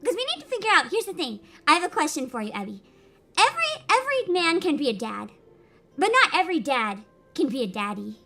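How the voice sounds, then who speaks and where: A woman's voice: high-pitched, very animated, fast talker, vocal fry, pushed and bright. A woman hosting a live stream, chatting casually and giggling often. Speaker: streamer host.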